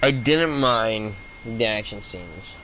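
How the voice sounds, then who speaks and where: A man's voice: lowish voice, lively intonation, takes it slowly, bright, forceful tone, slight background noise, low-quality recording. A man giving a heated, profane opinion rant as a video reviewer. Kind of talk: ranting opinion commentary.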